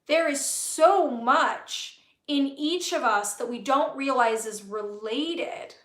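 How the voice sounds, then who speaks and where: A woman's voice: high voice, expressive, slow, fairly bright tone, roomy sound. A woman hosting a live-stream talk as a spiritual business coach, speaking earnestly with many fillers and repeated phrases.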